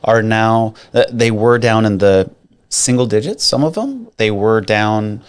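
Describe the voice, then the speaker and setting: A man's voice: lowish voice, expressive, a little slow, smooth. A middle-aged man co-hosting a casual podcast as a mortgage lender, playful and jokey as he talks numbers.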